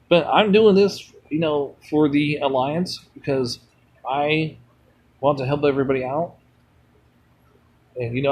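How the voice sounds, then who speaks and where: A man's voice: a little high, slight background noise. A man streaming a mobile game, rambling bluntly between chat replies and swearing freely. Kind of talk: rambling casual chat while gaming.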